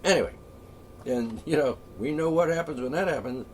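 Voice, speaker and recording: A man ranting off the cuff, profane and rambling, with frequent asides and throat-clearing. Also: fairly high pitch, fairly quick, a little mellow. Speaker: political ranter. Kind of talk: off-the-cuff solo rant. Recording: voice a bit far from the mic, faint ambient noise.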